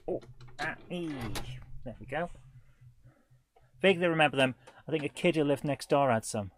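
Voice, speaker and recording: A man's voice: a little high, measured pace, long pauses, a little hiss or hum. Rambling man hosting a stream. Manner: rambling and self-deprecating, with chuckles. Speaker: host of a live retro gaming show. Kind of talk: casual livestream chat.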